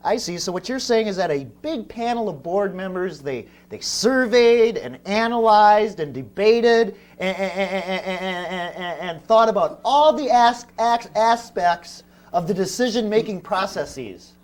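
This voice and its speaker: A man's voice: high voice, lively intonation, a little slow, hardly any pauses. A man hosting a comedic talk show. He speaks in a mock-formal way and stumbles over fillers.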